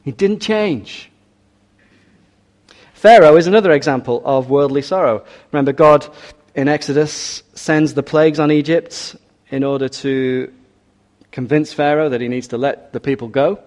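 Earnest male preacher, fairly high voice. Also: darkish tone. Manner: earnest, rhetorical questions, measured delivery. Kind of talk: sermon.

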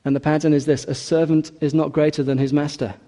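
Earnest preacher, slightly high, mellow. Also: male voice, little pitch movement. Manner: earnest, emphatic, slows and drops on key words. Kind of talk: sermon.

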